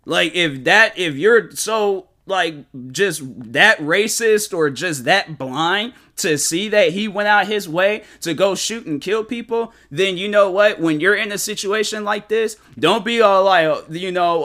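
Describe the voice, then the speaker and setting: A man's voice: high-pitched, measured pace, hardly any pauses, pushed and bright. A man hosting a solo podcast, arguing his opinion in casual, slangy, emphatic and repetitive speech. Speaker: podcast host.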